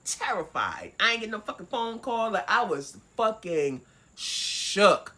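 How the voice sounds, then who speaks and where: A woman vlogger tells a personal story in an animated, swear-heavy way. Her pitch swings widely as she talks. The tone is casual and conversational. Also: measured pace. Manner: animated, profane, acts out voices.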